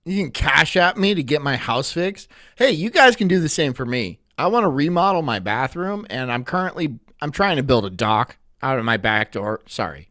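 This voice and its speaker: A man hosting a live stream, reacting to clips in an animated way and swearing often. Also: on the high side, moderate pace, hardly any pauses, no room sound, studio quality. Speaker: streamer host.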